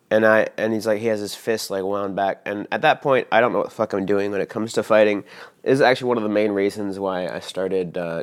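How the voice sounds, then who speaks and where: Deep-voiced young man telling a rambling story. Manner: rambling, swears freely, frequent fillers and restarts. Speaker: vlogger telling a personal story. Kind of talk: casual storytelling.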